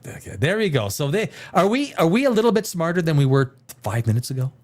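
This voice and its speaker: Fast-talking and very animated, this host has a fairly high, slightly mellow voice as he chats casually on his live stream from a desk chair at home. He rambles, gets sarcastic, swears occasionally and mocks people with put-on voices.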